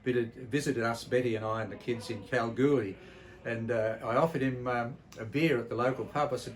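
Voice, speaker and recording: Brisk and mid-range, the voice belongs to an older Australian man, an entertainer giving a memorial tribute. He tells family stories in a blunt, salty, reflective way, hesitating often, and the recording is rough.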